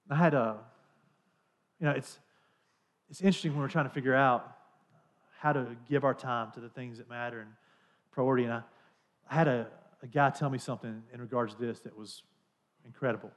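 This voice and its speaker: Man preaching in a casual, lively way. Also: high-pitched. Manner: conversational, animated storytelling. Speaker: pastor. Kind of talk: sermon.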